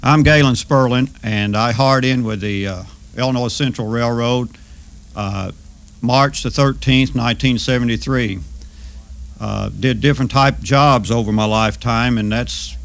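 A man, recalling his railroad years in a measured way with many pauses. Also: medium pitch. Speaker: former railroad worker. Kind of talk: oral history reminiscence.

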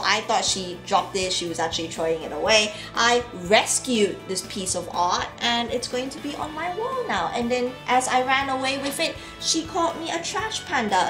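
Young woman rambling excitedly bout art prints, echoey room, bit of music underneath. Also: medium pitch. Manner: gushing, rambling, lots of fillers and restarts. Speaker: vlogger showing art haul. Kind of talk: casual chat.

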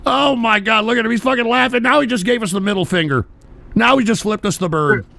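A man hosting a live stream, loudly mocking and narrating what he sees on another streamer's feed. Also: high-pitched, quick pace, vocal fry, dry recording. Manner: mocking, exclaiming, puts on a slurred British drawl. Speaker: streamer host. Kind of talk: excited live-stream commentary.

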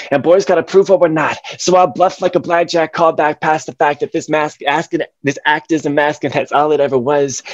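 A man's voice: medium pitch, no room sound, highs cut off. A young man, an educator, giving a presentation over a video call and performing slam poetry with passionate, rhythmic delivery.

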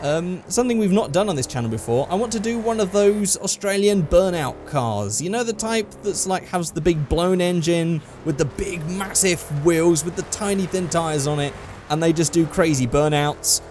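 A man's voice: high-pitched, expressive, moderate pace, a little mellow, soft background music. A man hosting a gaming channel, chatting casually over gameplay alone in a small room into a microphone, rambling and poking fun at himself. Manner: rambling and self-deprecating, with frequent restarts. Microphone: desk microphone.

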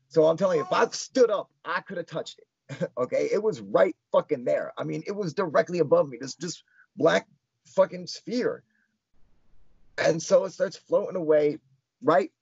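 A young man, an interview guest, telling an excited story, swearing often and filling his talk with "like". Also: on the high side, vocal fry, husky, no room sound. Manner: excited, swears a lot, heavy filler "like". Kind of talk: casual storytelling. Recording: dull lo-fi sound.

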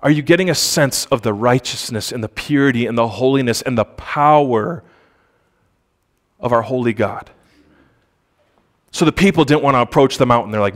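A man preaching a sermon in church, speaking conversationally, asking the congregation for responses and reading scripture aloud with slow emphasis. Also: medium pitch. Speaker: pastor.

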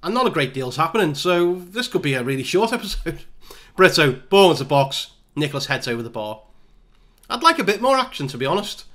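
A man's voice: fairly high pitch, sing-song, fairly quick, a bit bright. A man giving casual, self-mocking play-by-play commentary over a football management game. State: out of breath. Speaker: gaming YouTuber.

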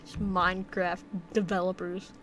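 A woman's voice: on the low side, flat delivery, moderate pace. A young woman giving casual commentary while playing a game, rambling to herself and breaking into silly chants. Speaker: gameplay commentator. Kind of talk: casual let's-play commentary.

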